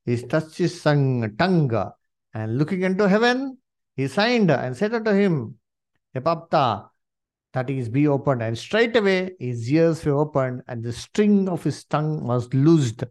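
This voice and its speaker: A man preaching a sermon to his congregation, asking rhetorical questions and filling pauses with "you see" and "uh". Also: fairly high pitch, sing-song, a little mellow.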